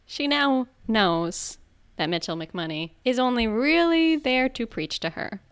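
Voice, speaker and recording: A woman's voice: on the high side, measured pace, clean tone, no echo. A woman co-hosting a podcast, casually recapping an episode with lots of laughter and acted-out quotes. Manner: giggly, animated retelling with acted-out quotes. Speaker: podcast co-host.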